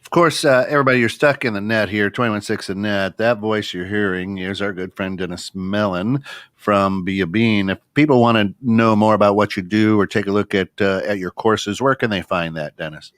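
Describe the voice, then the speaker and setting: A man hosting a podcast, talking in an easygoing way and quickly plugging his guest. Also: fairly low pitch, fairly even intonation, fairly bright tone, no echo, clean studio sound. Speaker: podcast host. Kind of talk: casual podcast talk.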